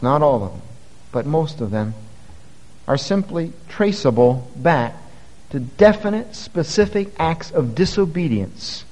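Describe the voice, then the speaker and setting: A man preaching a sermon as a pastor, earnest and rising to forceful emphasis. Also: mid-range voice. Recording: long reverb of a church hall.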